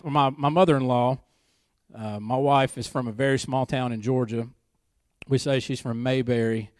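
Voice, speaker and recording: At a church service, a pastor with a medium-pitched voice preaches conversationally, tossing in jokes and repeating key lines to drive them home. He is an adult and married. The studio sound is clean, without echo.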